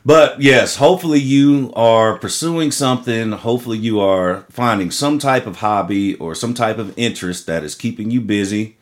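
A man's voice: lowish voice, normal speed, few pauses. A man co-hosting a podcast in casual, profane chat, often laughing as he talks. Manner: profane, laughing, loose storytelling. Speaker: podcast co-host.

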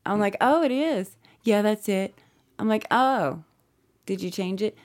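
A woman's voice: mid-range voice, unhurried, pauses often. A middle-aged mother chatting casually, telling a story with lots of acted-out quotes and frequent swearing. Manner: animated storyteller acting out quotes, swears often. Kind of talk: casual podcast chat.

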